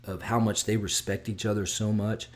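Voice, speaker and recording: A man hosting his own video, talking excitedly and rambling, with frequent restarts and sudden drops to a mutter. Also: on the low side, normal speed. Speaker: vlog host giving fight picks. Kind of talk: casual solo video chat.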